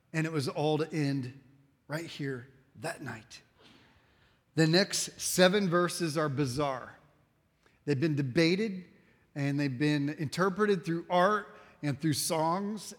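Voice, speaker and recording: A man preaching a sermon, telling the story dramatically and swinging between loud urgency and hushed intensity. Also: on the high side, long reverb tail. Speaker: pastor.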